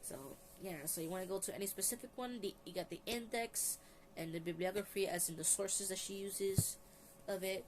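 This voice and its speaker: A woman's voice: medium pitch, fairly quick, slight background noise. A tired woman vlogger chatting casually about books, rambling with restarts and reading out long lists. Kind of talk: casual book review. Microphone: phone.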